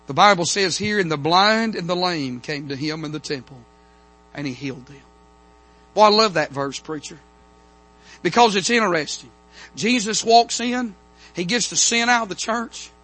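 A man's voice: high-pitched, bright, forceful tone, breathy edge. A man preaching a fervent revival sermon in a church, punctuating his points with "amen". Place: church sanctuary.

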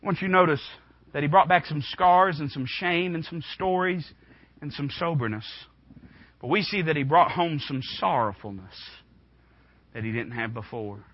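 A man in his twenties preaching a sermon in a church, impassioned, swinging from hushed tones to shouting. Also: fairly high pitch, normal speed, lo-fi sound. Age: 20s. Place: church room.

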